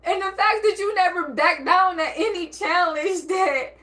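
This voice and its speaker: Woman, very high-pitched, bright and sharp tone, profane, emotional monologue, voices quoted dialogue. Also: moderate pace. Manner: emotional, near tears and laughing by turns. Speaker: vlogger.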